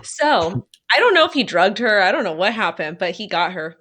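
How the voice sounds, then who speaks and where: A woman co-hosts a casual podcast chat, spinning a story with a playful, chatty flow full of "like." Her voice sounds bright and crisp. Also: medium pitch, sing-song, normal speed. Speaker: podcast co-host.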